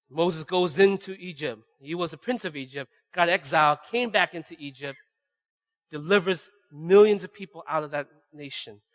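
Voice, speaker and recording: A man preaching a sermon in a casual, conversational way, often checking in with "right?" and acting out voices in a lower tone. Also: bright, forceful tone, long reverb tail. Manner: acts out voices of God and his wife in a lowered voice. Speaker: pastor. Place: church sanctuary.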